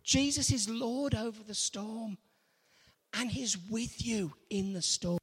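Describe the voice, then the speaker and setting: Slow, animated preacher in a hall. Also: male voice, sits high, breathy edge. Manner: animated, acts out quotes in voices. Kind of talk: sermon. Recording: long hall reverb.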